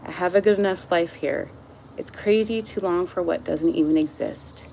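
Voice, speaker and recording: A woman's voice: lowish voice, moderate pace, creaky, darkish tone, a little hiss or hum, poor audio. A woman voicing a restless captive female cheetah in a storybook, speaking in a sighing, wistful way.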